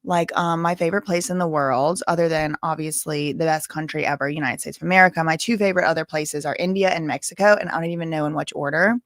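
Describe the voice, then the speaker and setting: A woman's voice: low-pitched, steady tone, fast, hardly any pauses, a bit bright, dry recording, studio quality. A woman hosting a livestream, chatting casually and rambling off on tangents. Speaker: livestream host.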